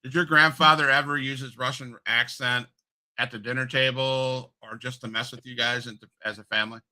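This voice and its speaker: Bright-voiced man hosting a podcast. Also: mid-range voice, fairly even intonation, a little fast, low-quality recording. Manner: rambling questions with restarts. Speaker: podcast host. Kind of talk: interview conversation.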